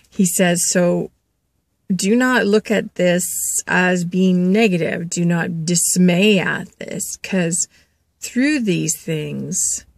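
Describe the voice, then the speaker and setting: A woman hosting an intuitive reading, speaking slowly in a lower register. She relays a spirit's words to her listeners and calls them children, chatting and laughing between thoughts. The sound is close and dry. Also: gravelly, dry recording. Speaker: intuitive reader.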